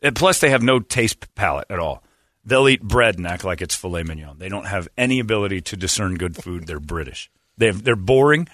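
A low-voiced American man in his forties talks briskly, with no echo, as he hosts a casual radio talk show. Animated in his storytelling, he mimics accents and other people's voices.

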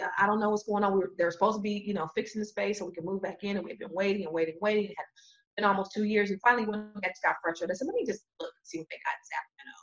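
A woman telling a long story in casual chat, animated, acting out quoted voices and laughing often. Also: mid-range voice, highs cut off. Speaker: real estate business owner.

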